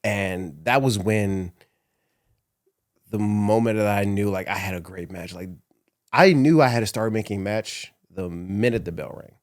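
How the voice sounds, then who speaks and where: Animated low-voiced man telling stories. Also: a little slow, dry recording, studio quality. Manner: animated, laughs often, acts out quotes. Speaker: professional wrestler, guest. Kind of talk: casual interview storytelling. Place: podcast studio. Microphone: studio microphone.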